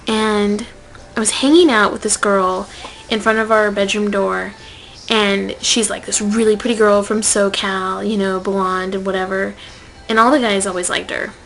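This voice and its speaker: A young woman telling a personal story to camera in a casual vlog, swinging from loud outbursts to whispered asides. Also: mid-range voice, steady tone, normal speed, creaky, a little hiss or hum, poor audio. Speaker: vlogger.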